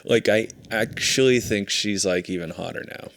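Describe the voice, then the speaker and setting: A man co-hosting a comedy podcast, tossing out quick deadpan jokes and wordplay. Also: on the low side. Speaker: podcast co-host. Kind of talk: casual comedic chat.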